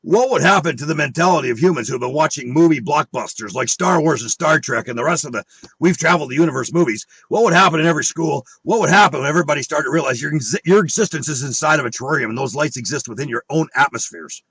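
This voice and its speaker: A man's voice: on the high side, fast, a bit bright, breathy edge, no room sound. A man on an angry monologue full of swearing and rhetorical questions. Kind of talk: angry profane rant.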